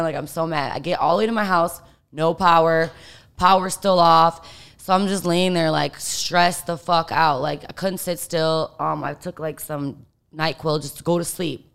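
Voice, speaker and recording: Smooth-voiced young woman telling a blunt story. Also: deep voice. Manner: candid, profane, heavy use of filler "like". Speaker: guest. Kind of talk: casual storytelling.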